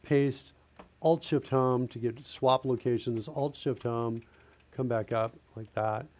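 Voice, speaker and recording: A man's voice: mid-range voice, steady tone, slow pace, a little mellow. A man streaming a live coding session, thinking aloud as he types and corrects himself. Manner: thinking aloud while typing, self-correcting. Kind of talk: casual live-coding narration.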